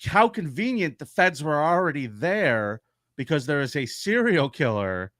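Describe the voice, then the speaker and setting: A man co-hosting a podcast, telling a true-crime story in an animated, profane way. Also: on the high side, a little slow, no room sound, studio quality. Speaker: podcast co-host.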